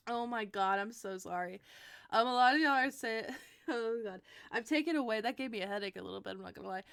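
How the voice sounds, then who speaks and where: A woman's voice: a little high, expressive, normal speed, creaky, long pauses, a bit bright, no echo, studio quality. A young woman streaming to her viewers in a bubbly, giggly casual chat.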